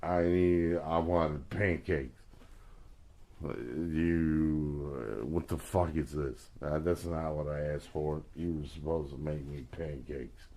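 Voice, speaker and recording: Man doing a whiny, bratty teen girl, sulky and mocking, raised pitch, loud. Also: fairly even intonation, slow, exaggerated voice. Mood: indignant. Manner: mocking, exaggerated complaining.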